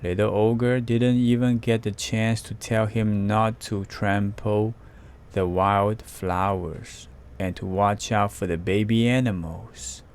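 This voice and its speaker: A man reading a picture book aloud slowly and carefully, with spoken sound effects. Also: fairly low pitch, fairly even intonation, clean tone. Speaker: storyteller.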